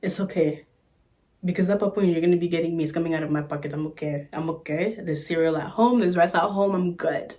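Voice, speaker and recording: A woman's voice: fairly low pitch, quick pace, dark tone. A woman vlogger telling a story in a casual chat, sassy and exasperated, recorded on a phone camera.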